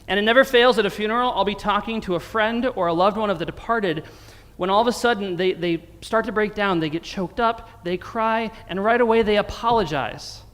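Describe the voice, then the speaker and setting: A man's voice: high voice, a little fast, fairly bright tone. An American man preaching a sermon as pastor, in a conversational tone with touches of wry humor. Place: church sanctuary. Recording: long reverb of a church sanctuary.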